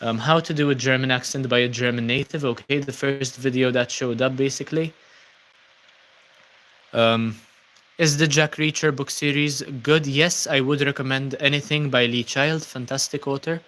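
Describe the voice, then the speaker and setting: Speaking at a normal pace in a mid-range voice, a young Maltese host goes through viewer comments on his casual livestream. He's relaxed, says um and uh a lot, and thanks his viewers.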